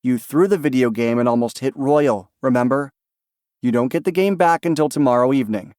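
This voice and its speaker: A man's voice: mid-range voice, brisk, darkish tone, smooth, no room sound, clean studio sound, close to an everyday voice. A man voicing a young aunt who is a firm, patient guardian, in an audiobook.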